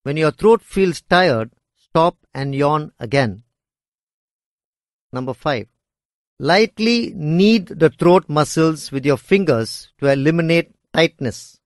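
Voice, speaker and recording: A man reading a scripted lesson on speaking skills in a measured, deliberate way. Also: fairly high pitch, animated, no echo, clean studio sound. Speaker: instructor.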